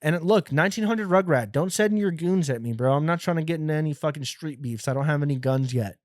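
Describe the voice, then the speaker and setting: A young American man hosting a comedy podcast, rambling through a profane, animated monologue full of restarts. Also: on the high side, fast talker, dry recording, studio quality. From United States. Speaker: podcast host.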